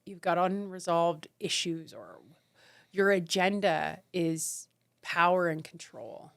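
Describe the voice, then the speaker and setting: A woman's voice: lowish voice, takes it slowly, gravelly. A middle-aged woman from Canada, a former politician, talking in a casual podcast conversation and often mimicking others in a raised voice.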